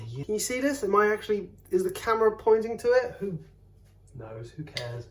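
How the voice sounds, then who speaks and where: Excitable man cooking at home. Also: high-pitched, brisk. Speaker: host, comedian cooking at home. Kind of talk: casual cooking vlog. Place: home kitchen. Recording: roomy kitchen sound. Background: faint background music.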